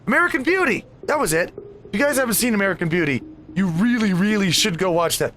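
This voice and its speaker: A man's voice: high-pitched, animated, fast, fairly bright tone, a little hiss or hum. A man hosting a casual let's play, rambling and easily distracted with chatty asides. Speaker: gaming video host.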